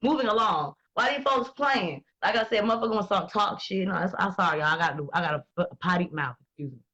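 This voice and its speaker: A woman, talking in blunt, profane and animated casual chat as host. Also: medium pitch, fast talker, highs cut off. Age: 20s.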